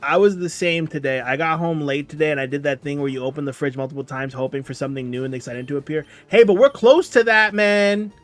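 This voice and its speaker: A man's voice: medium pitch, fast, few pauses, a bit bright. A tired young man chatting casually on a livestream, reading chat and rambling along. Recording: music playing faintly behind. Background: faint background music.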